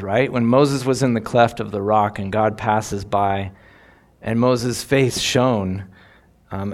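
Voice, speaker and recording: A man giving devotional Bible teaching in an earnest, reflective way, lingering on key phrases. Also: medium pitch.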